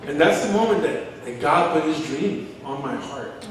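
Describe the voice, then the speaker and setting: A man's voice: fairly high pitch, lively intonation, moderate pace, a little hiss or hum. A middle-aged man preaching a sermon as pastor, telling stories, acting out quotes and chuckling as he goes. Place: large church hall. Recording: echoey hall from far off.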